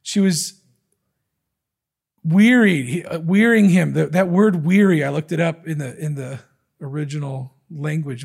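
A man's voice: a little high, moderate pace, vocal fry, darkish tone, slightly rough. A man preaching a sermon, teaching from the Bible in a conversational, emphatic way. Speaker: pastor.

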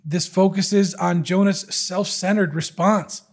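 A man's voice: sits high, fairly even intonation, slow. A man preaching a sermon in an earnest, emphatic way, repeating key words for weight.

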